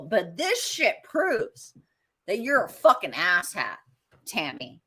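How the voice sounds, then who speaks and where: A woman co-hosting a casual podcast on a video call, ranting heatedly and swearing constantly. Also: unhurried. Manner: lively, swinging pitch. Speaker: co-host.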